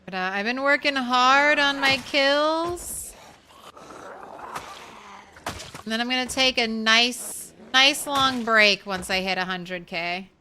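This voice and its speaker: A woman's voice: a little high, slow, long pauses, bright, forceful tone, a little hiss or hum. A woman streamer chatting casually with viewers while she plays, greeting people by name and talking through her progress. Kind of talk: casual live-stream chat while gaming.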